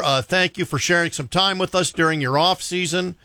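A man's voice: high voice, a little fast, few pauses, pushed and bright, no echo, clean studio sound. A man hosting a morning sports radio show, playful and laughing with the guest. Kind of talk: joking studio banter.

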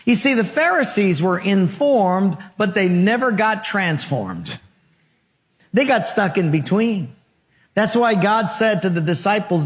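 A male pastor delivers a sermon in a rhythmic, rhetorical cadence. His voice sits high, and he weaves in humorous storytelling. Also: animated, measured pace, in a large hall.

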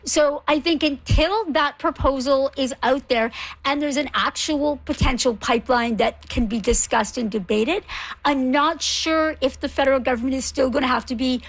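Fairly high-voiced woman political journalist. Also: poor audio. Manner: measured, analytical, with fillers. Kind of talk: radio interview commentary.

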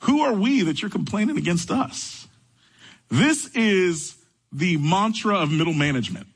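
A man's voice: sits high, normal speed, breathy edge, rough recording. A young man preaching a sermon, telling a story from his own church days as he explains a Bible passage. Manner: storytelling, animated when retelling his own encounter. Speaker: pastor.

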